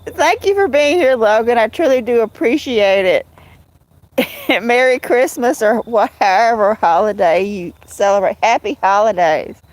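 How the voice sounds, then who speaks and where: Hosting a laid-back livestream, this woman from the Southern United States rambles, laughs often, and says hello to viewers by name. Her voice sits on the high side, her pace is measured, and the recording is dry.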